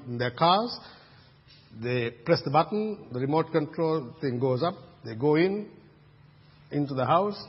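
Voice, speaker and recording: A man's voice: a little high, husky. Man preaching in a dull echoing hall. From Sri Lanka. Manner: conversational, asks the congregation questions. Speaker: pastor. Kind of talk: sermon.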